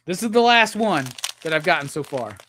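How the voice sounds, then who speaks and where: A man hosting a live stream, unboxing gifts and gushing with loud, profane excitement. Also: fairly high pitch, a little fast, a little hiss or hum. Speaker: live show host.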